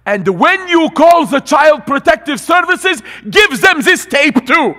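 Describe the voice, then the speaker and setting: A man voicing a stern immigrant father with a Middle Eastern accent, booming slow, loud threats. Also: lively intonation, long reverb tail, heavily acted. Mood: mocking.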